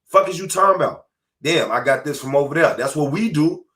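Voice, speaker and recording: A man's voice: on the high side, brisk, a bit bright. Heated, profane man ranting as podcast host. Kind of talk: angry monologue rant.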